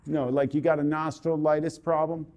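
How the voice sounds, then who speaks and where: A man coaching a portrait subject through a photo shoot, giving brisk, repetitive commands over a live video call. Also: on the high side, level tone, a little mellow, lo-fi sound.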